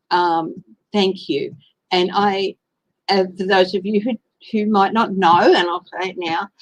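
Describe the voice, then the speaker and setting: A woman's voice: mid-range voice, low-quality recording. Aussie woman chatting thru a tarot live stream, takes her time, greets folks by name. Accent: Australian. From Australia. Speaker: tarot reader. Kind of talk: casual live-stream reading.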